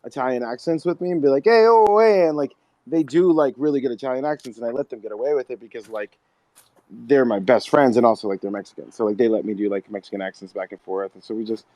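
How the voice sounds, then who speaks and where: A man's voice: mid-range voice, fairly even intonation, fast, dark tone, poor audio. A man hosting a casual podcast chat, rambling with lots of fillers. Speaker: podcast host.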